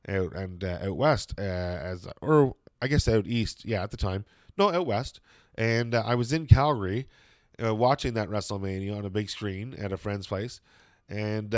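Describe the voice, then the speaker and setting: A man's voice: on the low side, a little mellow, no echo, clean studio sound. A man chatting casually and opinionatedly as a show host, rambling with lots of fillers and some swearing.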